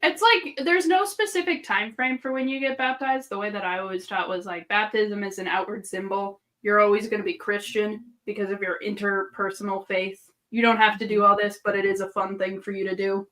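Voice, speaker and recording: A woman's voice: mid-range voice, steady tone, brisk, hardly any pauses, a bit bright. A woman co-hosting a casual podcast chat, talking in a chatty, joking way with the odd swear. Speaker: podcast co-host.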